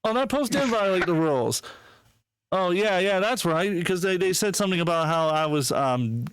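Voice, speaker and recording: A man's voice: high-pitched, animated, normal speed, slight background noise. A man hosting a podcast, ranting with heavy profanity, mocking and indignant, reading posts aloud and laughing. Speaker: podcast host. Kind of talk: casual podcast rant.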